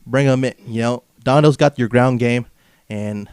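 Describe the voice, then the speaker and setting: A man's voice: mid-range voice, moderate pace, darkish tone, clear, resonant tone, dry recording. A man from Southern California hosting a comedic wrestling podcast, brash and mocking, padding his rants with filler phrases. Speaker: podcast host.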